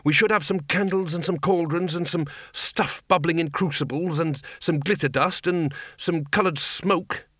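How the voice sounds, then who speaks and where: A man's voice: fairly high pitch, moderate pace, few pauses, a bit bright, no echo, clean studio sound, voice pushed up. Guy doing a snooty sarcastic old wizard, fussy and sneery. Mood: sneering. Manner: sarcastic, prissy.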